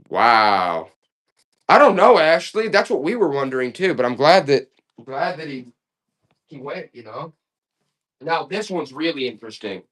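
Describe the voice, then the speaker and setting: Auction stream host, animated pitch, jokey hard-sell patter. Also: moderate pace, pauses often. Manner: joking, playful sales banter. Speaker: live online auction seller.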